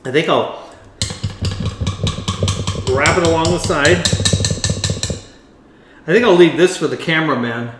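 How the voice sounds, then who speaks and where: A man's voice: on the high side, fairly bright tone, reverberant, slight background noise. A man hosting a home cooking video, chatting playfully and teasing his cameraman as he mixes. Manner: playful, camp, talks to the cameraman and to the food.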